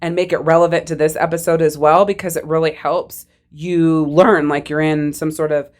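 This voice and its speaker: A woman's voice: deep voice, flat delivery, moderate pace, darkish tone. A woman hosting her own podcast as a life coach, telling a personal story in a candid, conversational way and swearing casually.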